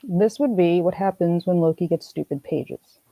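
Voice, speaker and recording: A woman with a gravelly, creaky edge to her voice chats casually on a livestream. She rambles from comment to comment and calls out viewers by name, heard close and dry with no room echo. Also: fairly low pitch, moderate pace, dull audio. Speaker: streamer host reading chat.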